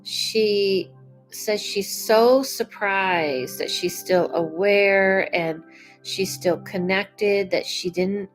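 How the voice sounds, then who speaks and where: Woman, medium-pitched, slow and chatty, psychic reading over soft music. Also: rough recording. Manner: chatty and unhurried, with many fillers. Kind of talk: live-streamed reading.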